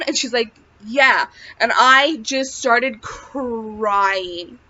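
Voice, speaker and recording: A woman's voice: fairly high pitch, slow, bright, forceful tone, dry recording. A young woman telling a personal story in a casual vlog, chatty and full of filler words. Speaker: vlogger. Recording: slightly dull lo-fi sound.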